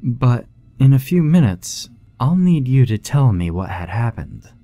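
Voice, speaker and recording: A man voicing a lonely, kind middle-aged woman who speaks in a gentle, cooing, reassuring way in a horror story reading. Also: medium pitch, sing-song, a little slow, no echo, pitched above the performer's own voice.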